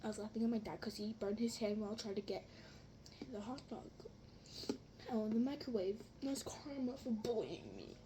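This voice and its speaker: Young girl vlogger, high bright pitch, chatty, overreacts, noisy home recording. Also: animated, moderate pace. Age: child. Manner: chatty, easily amused, exaggerated reactions. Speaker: slime vlogger. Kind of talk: casual vlog chat.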